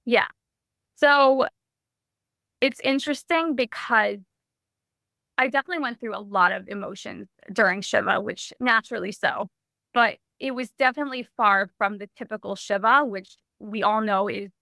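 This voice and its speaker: A young adult woman sharing a personal story in a podcast interview, animated and full of "like" and restarts. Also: mid-range voice, moderate pace, creaky, no echo. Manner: animated, heavy use of "like", frequent restarts. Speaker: podcast guest.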